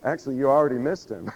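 A man preaching a sermon who acts out prayers and quotes with lively energy, laughing often and saying he is losing his voice. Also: mid-range voice. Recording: dull recording with long hall reverb.

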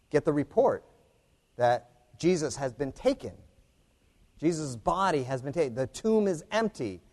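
Male preacher, animated sermon, slightly high voice, lively, long hall reverb. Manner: animated, rising to emphatic peaks, with rhetorical "right?".

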